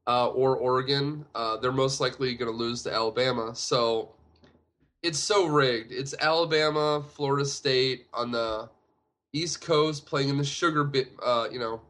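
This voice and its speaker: A man's voice: medium pitch, fairly even intonation, moderate pace, fairly bright tone. A man co-hosting a casual sports podcast, rambling with lots of fillers. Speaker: podcast co-host.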